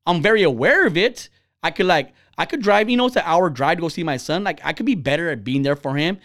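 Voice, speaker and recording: Profane, animated male podcast host. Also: on the high side, fast talker, no echo, clean studio sound. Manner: profane, blunt storytelling; animated and heated. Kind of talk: casual chat.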